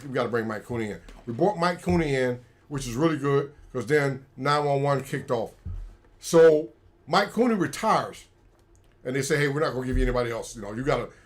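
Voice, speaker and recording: A middle-aged man, a retired soldier, tells stories casually on a livestream and acts out the quoted dialogue. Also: medium pitch. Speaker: retired special forces soldier, guest.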